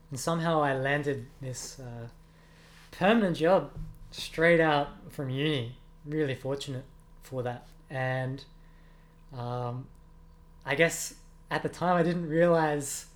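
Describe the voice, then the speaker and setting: A man's voice: on the high side, a bit bright. A young man, a music teacher giving earnest, reflective interview answers with many ums. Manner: earnest, reflective, with frequent ums and self-corrections.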